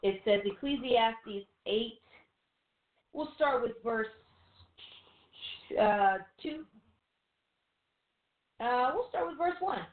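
A woman co-hosting a Christian teaching show, preaching in a loose, conversational way with rhetorical questions and quick asides. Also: a little high, expressive. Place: room with a few listeners behind the cameras. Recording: tinny phone-like sound in an echoey room.

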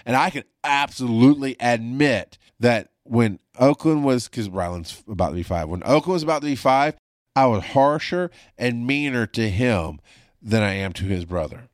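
A man with a fairly low voice talks candidly into a studio mic. He is blunt and emphatic, and he swears freely. The sound is close and dry, with no room echo. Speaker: podcast host and paramedic. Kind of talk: candid podcast monologue. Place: home studio. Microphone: studio mic on a video call.

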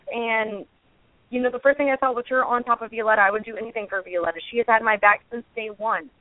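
A woman with a slightly high voice, a reality show cast member, calls in to a radio show as a guest, candid and defensive, talking in long runs that keep restarting. It comes through a thin, tinny phone line with a dry sound.

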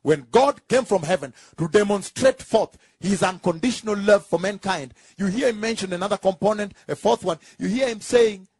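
A high-pitched man delivers a sermon in a husky voice. He is emphatic and repeats key phrases, often checking that his listeners follow. The sound is dry and close. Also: no echo. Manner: emphatic and repetitive, rising into drawn-out shouts; asks the congregation for confirmation. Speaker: preacher.

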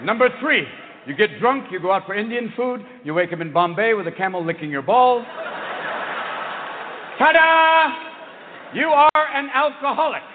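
A man doing a manic stand-up comedy routine, firing off jokes and bursting into shouted voices. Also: sits high, animated, fairly quick, background noise. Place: large live venue. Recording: tinny, echoey live hall recording.

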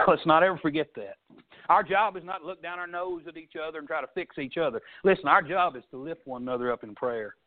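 A male pastor delivers a sermon in a folksy storytelling manner, his voice sitting a bit high. He swings between loud emphasis and soft asides. The sound is thin and tinny, like a phone line. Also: fast.

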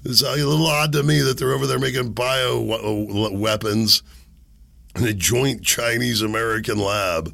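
A man hosting a podcast while sick and losing his voice. He rambles and makes sarcastic, muttered asides into a desk boom mic. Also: normal speed, gravelly, fairly bright tone. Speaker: podcast host. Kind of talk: casual commentary monologue. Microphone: boom microphone on a desk.

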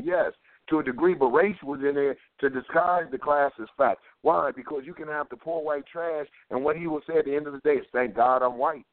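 A man's voice: fairly high pitch, no echo. A man giving impassioned talk-radio commentary, with a fervent, preacher-like cadence and lots of repetition. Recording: tinny phone-line sound.

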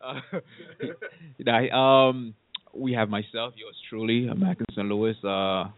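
A man appearing as a comedian guest, plugging an upcoming show in a halting way full of filler words. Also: medium pitch, dry recording. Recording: tinny phone-like sound.

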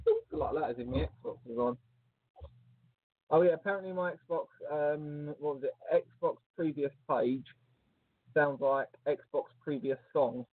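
A man co-hosting a casual chat show, teasing and joking in an animated way. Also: a little high, husky, no room sound. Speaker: podcast co-host. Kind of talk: casual banter. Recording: phone-like lo-fi line.

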